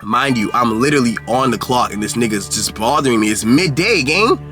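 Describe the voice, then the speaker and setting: A young man telling a personal story in a casual storytime monologue, slangy and profane, often breaking into loud exasperated rants. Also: medium pitch, lively intonation, a little fast, over music.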